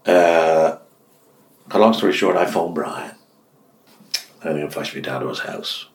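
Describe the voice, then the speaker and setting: An older Irish man, a radio host, telling long anecdotes in an interview and acting out the dialogue with lively swings in his voice. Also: unhurried, creaky. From Ireland. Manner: lively storyteller, acts out quoted dialogue with big pitch jumps. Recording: roomy echo.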